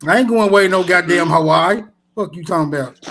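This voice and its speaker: High-voiced mocking man in a debate. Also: a little fast, vocal fry, crowd noise. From Texas. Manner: mocking, provocative, repeats taunts. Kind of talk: heated online debate.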